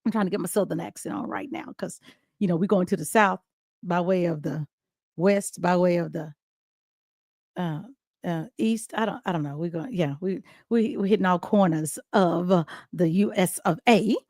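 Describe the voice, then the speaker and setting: A middle-aged woman hosting her own live show, chatting casually into a close webcam and rambling with quick restarts and laughter. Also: on the low side, a little mellow, dry recording. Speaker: host. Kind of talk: casual live-stream chat. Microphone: webcam close to face.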